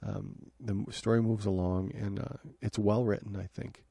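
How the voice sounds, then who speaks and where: A man's voice: fairly low pitch, level tone, moderate pace, gravelly, mellow, husky, no room sound, studio quality. A man hosting a podcast from his home office, chatting casually with frequent fillers and restarts. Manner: rambling, many fillers and restarts. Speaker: podcast host. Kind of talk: casual review talk.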